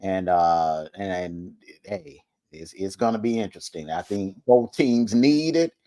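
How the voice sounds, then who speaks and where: A man's voice: low-pitched, expressive, unhurried, mellow. Hyped man hosting a football show. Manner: hyped, laughs often. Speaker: show host. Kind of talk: casual sports talk livestream.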